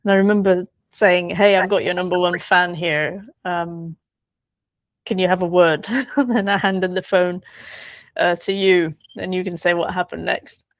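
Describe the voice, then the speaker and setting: A woman author recalling a friend in a relaxed interview, chatty and quick to laugh. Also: fairly low pitch, dry recording, lo-fi sound. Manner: chatty, laughs often, trails off and restarts. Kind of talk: conversational interview.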